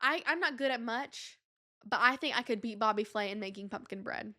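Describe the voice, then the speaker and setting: A young woman hosting a casual solo podcast, bubbly and giggly, jumping from topic to topic with big swings in pitch. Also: fairly quick, pushed and bright. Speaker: podcast host. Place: home room.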